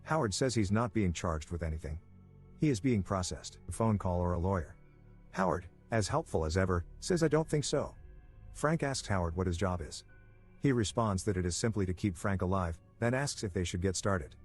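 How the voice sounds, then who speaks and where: A man's voice: sits low, expressive, moderate pace, slightly rough, soft background music. A man narrating a scripted movie recap, with dry, wry asides.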